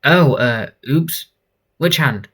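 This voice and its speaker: A man voicing a cold, sadistic female villain from a comic, speaking slowly and teasingly. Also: mid-range voice, animated, a bit bright, breathy edge, heavily acted. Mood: mocking. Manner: slow, teasing, mocking.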